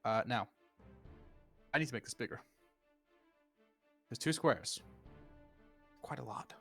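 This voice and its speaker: A man's voice: medium pitch, slow pace, creaky, fairly bright tone, faint music behind. A man narrating as game master of a tabletop game, chatty and laughing, with many fillers.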